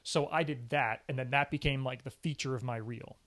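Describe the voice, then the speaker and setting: A man in a relaxed interview tells his career story with real energy. His voice sits in an ordinary middle range, and he punches key words and slips into little acted-out quotes. The tone is casual and emphatic throughout. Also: medium pitch, fairly quick. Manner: animated storyteller, often acts out quoted speech. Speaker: sports anchor and reporter, podcast guest.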